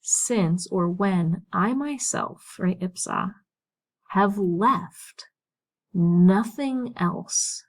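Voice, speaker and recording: A woman's voice: medium pitch, extremely slow, poor audio. A woman teaching Latin, talking through the text casually and thinking aloud, with many "right?" and "like" fillers.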